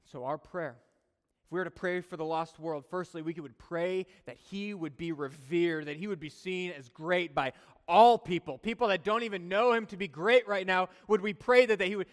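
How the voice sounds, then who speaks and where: A man's voice: high voice, normal speed, in a large hall. A man preaching a sermon in a conversational way, mixing teaching with chuckling personal asides.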